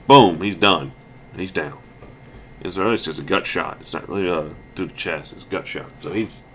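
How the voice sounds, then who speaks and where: A man's voice: low voice, fairly bright tone. A man giving casual, rambling let's play commentary, ranting with lots of fillers and restarts.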